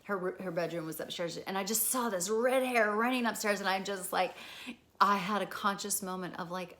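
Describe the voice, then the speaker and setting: A woman's voice: medium pitch, moderate pace, a bit bright. A middle-aged woman talking casually as a therapist and podcast host, candid and swearing freely, often acting out the people she describes. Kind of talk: casual spoken talk.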